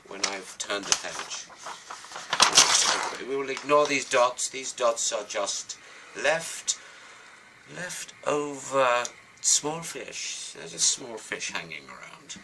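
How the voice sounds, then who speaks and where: A man's voice: mid-range voice, background noise. A British man telling a children's story while he draws and colours, with rambling, chatty asides.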